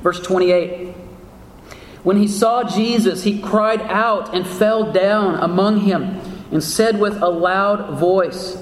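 Male pastor, high voice, earnest sermon delivery, rhetorical questions, long hall reverb. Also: slow. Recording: echoey hall with faint ambience.

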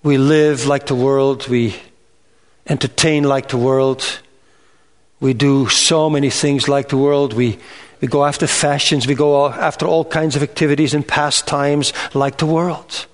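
A man preaching a sermon in an earnest, measured way, rising in pitch on emphatic lists. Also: steady tone. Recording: reverberant hall sound.

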